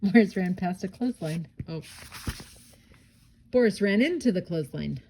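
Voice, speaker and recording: A mother reads a children's picture book aloud at home, expressive and lively, with chatty asides in between. Her voice is warm and mellow, with faint noise in the background. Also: lowish voice, moderate pace.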